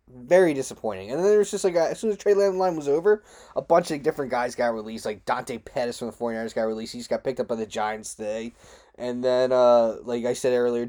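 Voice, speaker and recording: On his solo sports talk show, a male podcast host rants in a frustrated, rambling way, swearing and jumping sharply up in pitch. His tone is warm.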